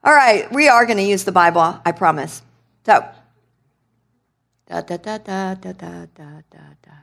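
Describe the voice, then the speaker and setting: A woman preacher giving a sermon in a conversational, animated way, asking the congregation questions. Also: medium pitch, a little slow, gravelly. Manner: conversational, animated, quizzes the audience.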